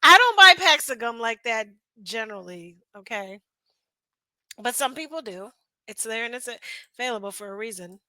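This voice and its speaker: Reaction host: woman, high bright voice, chatty and giggly, dry close mic. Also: animated, moderate pace, no room sound, poor audio. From northern United States. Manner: chatty, laughing asides, talks to viewers. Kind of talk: casual chat to camera.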